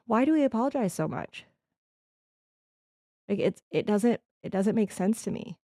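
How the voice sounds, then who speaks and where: A woman's voice: lowish voice, fairly quick, vocal fry, dark tone, no echo, clean studio sound. A woman from the Midwest hosting a podcast, talking earnestly in a rambling reflective monologue with restarts. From American Midwest. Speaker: podcast host.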